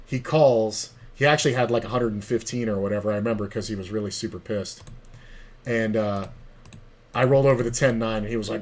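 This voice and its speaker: A man's voice: mid-range voice, brisk, darkish tone. A man streaming online poker who tells a long, profane story with quoted dialogue, in a casual, chatty way.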